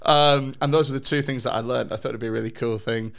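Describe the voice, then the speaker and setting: A man's voice: medium pitch, steady tone, quick pace, creaky, a bit bright. A man in his thirties with a Lancashire accent, co-hosting a podcast in casual chat and telling stories full of swearing and laughter. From northern England. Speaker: podcast co-host.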